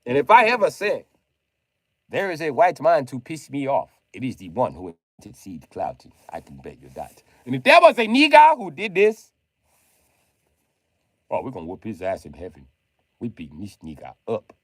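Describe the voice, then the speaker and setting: Ranting man, lively swooping voice. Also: moderate pace, dry recording, studio quality. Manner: ranting, swings into loud high mock pleading. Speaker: livestreamer. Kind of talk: casual profane livestream rant.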